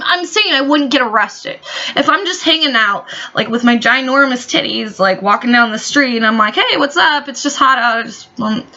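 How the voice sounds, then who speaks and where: Woman vlogger, high sharp voice, profane sarcastic rant, dull lo-fi audio. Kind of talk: ranting commentary vlog. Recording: dull lo-fi recording.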